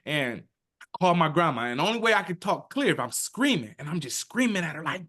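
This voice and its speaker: Animated man in his thirties telling his story. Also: a little high, fairly quick. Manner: animated, emphatic, acts out quotes in his own voice. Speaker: podcast guest. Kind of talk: emotional personal storytelling.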